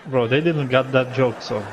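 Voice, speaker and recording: A man's voice: medium pitch, slight background noise. A man reacting to a comedy clip with brief remarks and laughs. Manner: short interjections and laughter. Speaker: reaction video host. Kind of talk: casual reaction commentary.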